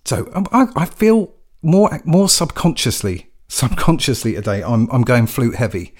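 A man's voice: mid-range voice, normal speed. A man hosting a live radio music show, chatting casually and reading out messages from listeners. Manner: relaxed, chatty, reads chat messages with small laughs.

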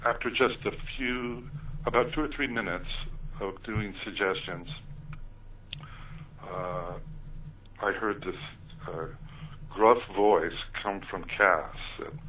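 A deep-voiced man recounts his experiences in an interview, pausing often with ums and uhs. He comes through a narrow, phone-like line, sitting back from the mic with a faint hiss behind him. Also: fairly even intonation, fairly bright tone, distant mic. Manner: hesitant, many ums and uhs. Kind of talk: interview storytelling.

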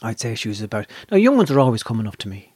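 A man's voice: mid-range voice, very animated, very fast, a little mellow, slightly rough, no room sound, studio quality. An Irish man telling a long anecdote in casual chat, swearing freely as he goes. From Ireland.

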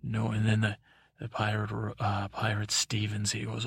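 A man's voice: fairly low pitch, monotone, measured pace, gravelly, slightly rough, no room sound. A man improvising a bedtime story as podcast host, meandering with asides and self-corrections.

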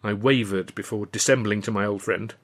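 A man narrating his own serialized novel in the first person, wry and measured. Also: lowish voice, steady tone. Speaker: author and reader of a serialized novel.

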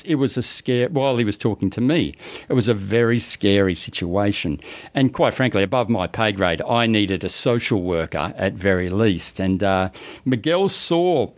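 Australian male podcast host, deep voice. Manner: rambling with many restarts and fillers. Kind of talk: casual interview chat, storytelling.

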